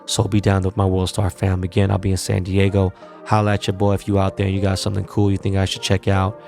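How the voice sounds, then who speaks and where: A man's voice: low-pitched, completely flat delivery, fast talker, creaky, a little mellow, faint music behind. A man hosting his podcast in a casual solo wrap-up, talking loose, blunt and profane with laid-back slang. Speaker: podcast host.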